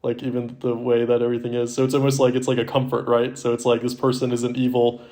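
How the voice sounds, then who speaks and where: A man's voice: mid-range voice, monotone, quick pace, mellow. A young man in his twenties, co-hosting a casual podcast, rambling with many "like" fillers. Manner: rambling, heavy use of "like" fillers. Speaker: podcast co-host. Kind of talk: casual chat.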